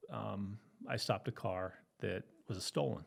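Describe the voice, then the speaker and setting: A middle-aged man recounts his police days in an easygoing, chuckling way. His voice sits fairly low, and he fills his pauses with ums and uhs. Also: vocal fry, husky. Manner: easygoing storytelling, often laughing, with fillers. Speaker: guest, retired police officer. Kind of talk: telling his story in an interview.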